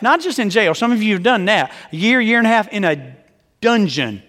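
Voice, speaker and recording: A man in his fifties, a pastor preaching a sermon in a relaxed, joking, emphatic storytelling way. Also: sits high, brisk. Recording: long reverb of a large hall.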